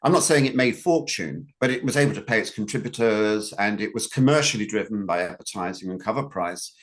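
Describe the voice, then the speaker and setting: A man's voice: lowish voice, animated, a little fast. A man interviewing casually on a video call, wry and jokey. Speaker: journal editor, interviewer.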